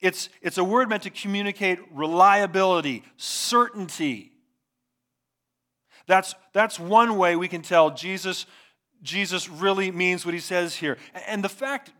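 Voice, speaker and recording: A male pastor with a fairly high voice and a bright, forceful tone delivers an earnest, emphatic sermon, posing rhetorical questions along the way.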